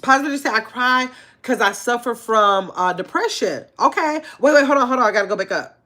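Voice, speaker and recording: An older woman hosts a casual livestream and talks with earnest, heartfelt directness. Her voice sits a little high, and her speech is loose and slangy. She reads viewer comments aloud as she goes. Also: animated, a little fast, bright, forceful tone. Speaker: livestream host.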